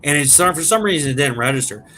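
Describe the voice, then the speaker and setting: Bright-voiced man telling a prank story. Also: fairly high pitch, quick pace, slight background noise. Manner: animated, profane, laughs at his own story. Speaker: guest. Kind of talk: casual storytelling.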